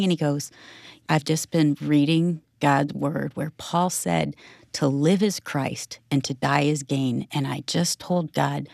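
A middle-aged woman, a radio co-host, telling her story in a candid interview, earnest and expressive and quick to laugh. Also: deep voice, creaky, no echo, studio quality.

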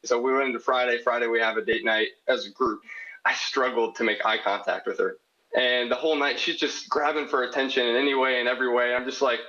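A man's voice: medium pitch, bright, forceful tone, highs cut off. A young man from South Dakota, calling in with a question, telling a personal story in an earnest, rambling way. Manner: earnest, rambling, quotes people as he tells it. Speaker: caller asking a question. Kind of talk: candid storytelling.

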